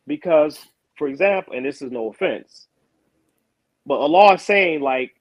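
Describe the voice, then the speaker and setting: A man's voice: on the high side, lively intonation, normal speed, no room sound. A Muslim man in a casual debate, talking loosely and repeating his words as he explains. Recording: dull lo-fi call audio.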